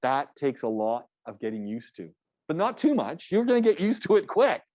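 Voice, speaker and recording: A man's voice: a little high, sing-song, moderate pace, a little mellow, dry recording. A man teaching a public speaking class, giving feedback in a loose, conversational way with frequent restarts. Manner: conversational, restarts often, coaching tone.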